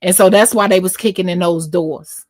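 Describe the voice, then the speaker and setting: A woman's voice: on the low side, normal speed. A woman being interviewed, telling a long story in a loose, slangy way and often checking in with the listener. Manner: slangy, repeats "you know what I'm saying". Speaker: interview guest.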